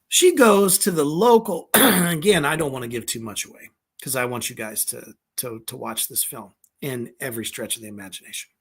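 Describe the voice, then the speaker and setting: A male horror review host who talks in an unhurried drawl and swears freely. He rambles, piles on fillers and breaks into laughter as he gushes over the films. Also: fairly high pitch. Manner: profane, excitable, rambling with many fillers; laughs often. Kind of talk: casual film review.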